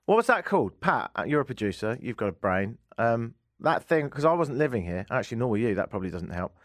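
A man's voice: mid-range voice, very animated, quick pace, fairly bright tone, no echo, clean studio sound. A man with an English accent hosting a radio talk show, talking in a wry, exasperated comic rant. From England. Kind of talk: casual comic radio monologue. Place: radio studio.

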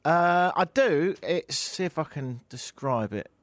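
Dry-humoured radio host. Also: male voice, fairly high pitch, animated, takes it slowly, dry recording. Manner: dry, self-mocking, rambling. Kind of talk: casual talk radio. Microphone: studio mic.

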